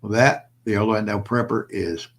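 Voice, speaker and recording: Gravelly older man preaching bluntly. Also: on the low side, normal speed. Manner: blunt, preachy, repeats himself. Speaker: prepper channel host. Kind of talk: impassioned solo vlog monologue.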